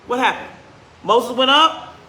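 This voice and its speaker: Bright-voiced woman pastor preaching in church. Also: high voice. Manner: conversational preaching, questions to the congregation; animated, speeds up and slows down for emphasis. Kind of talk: sermon. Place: church sanctuary. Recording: roomy church echo.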